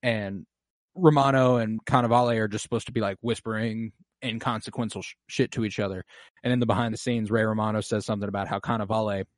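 A man's voice: lowish voice, steady tone, fast, no echo. Chatty young man with a dry, close sound. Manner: rambling, many fillers and restarts, acts out quotes. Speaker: podcast co-host. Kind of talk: casual film discussion.

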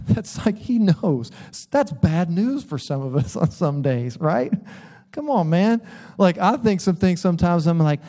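A man's voice: a little high, very animated, unhurried, mellow. A middle-aged man, preaching a sermon in a church sanctuary and telling a story with laughs and bursts of emphasis. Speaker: pastor.

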